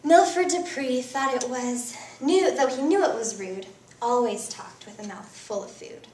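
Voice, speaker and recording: Woman reading silly kids poems out loud, lively and playful, roomy echo, a bit far from the mic. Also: high-pitched, measured pace. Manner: playful, animated storytelling. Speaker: teacher reading poems aloud. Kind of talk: reading children's poems aloud. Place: classroom. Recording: echoey room, mic at a distance.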